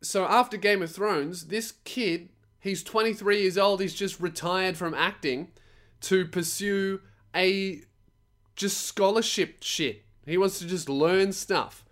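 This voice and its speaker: Profane man ranting, fairly high voice. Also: slow. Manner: profane, animated storytelling with laughs. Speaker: podcast host. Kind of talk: casual comedic rant.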